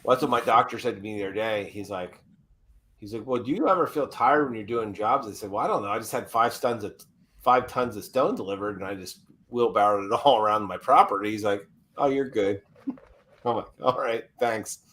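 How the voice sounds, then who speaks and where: A man's voice: lowish voice, a little fast, a bit bright. A man in his forties telling profane, laughing stories in a casual podcast chat. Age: 40s.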